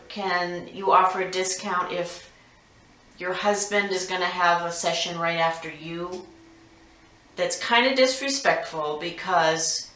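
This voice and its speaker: A woman's voice: on the low side, a bit bright. A woman massage therapist giving frank, numbered advice to her clients. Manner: frank, instructive, lists numbered tips. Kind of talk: direct advice monologue. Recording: roomy echo.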